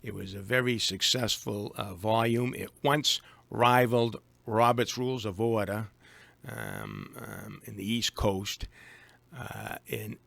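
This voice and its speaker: A man with a Boston accent, a guest on a live radio interview, speaking haltingly with many fillers and restarts. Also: on the low side, animated, gravelly, a bit bright, dry recording. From Boston, USA. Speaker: guest, attorney.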